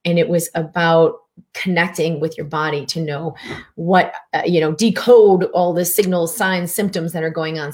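Middle-aged woman doctor, low voice, chatty livestream host reading out viewer greetings. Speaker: physician hosting a live stream. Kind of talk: live-streamed wellness talk.

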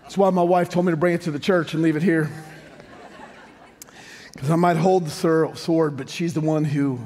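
A man's voice: fairly high pitch, fairly even intonation, moderate pace, a little mellow, some chatter behind. An American man preaching a sermon as pastor, telling stories with joking asides and building to sung emphasis. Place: large church hall. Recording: long hall reverb, faint music.

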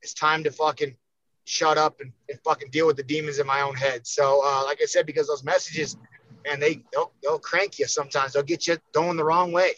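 A man's voice: a little high, little pitch movement, brisk, fairly bright tone, dry recording, dull audio. A man talking as a podcast guest, emphatic and full of cursing, getting fired up as he speaks. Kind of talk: casual podcast chat.

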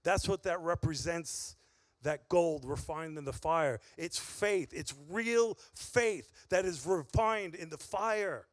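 A man's voice: a little high, takes it slowly, no room sound. A man preaching a sermon in an earnest, emphatic way, repeating key phrases for weight. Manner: earnest, emphatic, with heavy repetition.

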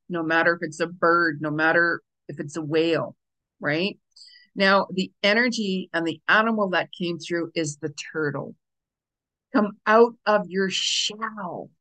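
A woman's voice: fairly low pitch, rough recording. A middle-aged woman giving a casual spiritual reading to her viewers, chatty and repeating phrases as she goes. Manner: chatty, repeats phrases, drifts into soft asides. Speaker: astrology and spiritual reader.

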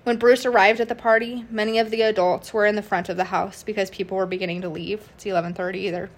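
A woman's voice: medium pitch, flat delivery, fast talker. A woman hosting a podcast, narrating a true crime case casually from her notes, with fillers and restarts. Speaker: podcast host.

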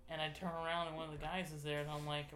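A man's voice: fairly high pitch, little pitch movement, rapid-fire, reverberant, over a noisy crowd. A man in his thirties chatting casually with friends, telling self-deprecating jokes about his trip. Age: 30s. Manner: joking, self-deprecating storyteller. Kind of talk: casual chat.

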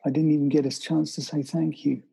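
Gravelly man telling a survival story. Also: a little high, flat delivery, warm tone, low-quality recording. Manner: halting, restarts sentences, vivid storytelling. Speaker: interview guest. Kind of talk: storytelling in conversation.

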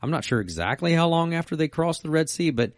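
A man's voice: on the high side, lively intonation, quick pace, dry recording, studio quality. A man co-hosting a casual faith discussion, telling stories and reading scripture aloud. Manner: reads scripture aloud, acts out voices in quotes. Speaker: podcast co-host.

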